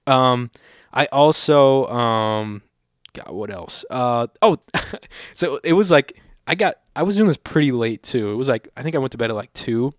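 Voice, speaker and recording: A man's voice: medium pitch, unhurried, dry recording. A young man from California telling stories in casual chat and acting out the quotes in a raised voice. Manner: animated storyteller, acts out quotes in a raised voice. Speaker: podcast co-host.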